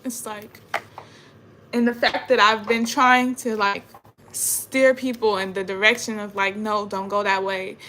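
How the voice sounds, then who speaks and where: A young woman talking in a casual, emotional, rambling monologue, swearing often and trailing off quietly. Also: medium pitch, flat delivery, unhurried, a little hiss or hum. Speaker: spiritual vlogger.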